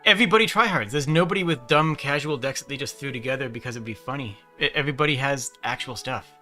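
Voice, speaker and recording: A man's voice: medium pitch, fast, bright, forceful tone, soft background music. A man chatting as a guest, rambling and restarting his sentences. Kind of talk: casual chat.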